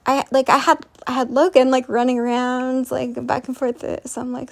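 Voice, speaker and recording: Woman, casual storyteller, high voice, rambling, full of fillers. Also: little pitch movement, moderate pace, vocal fry, few pauses. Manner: rambling, many fillers and restarts. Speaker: vlogger.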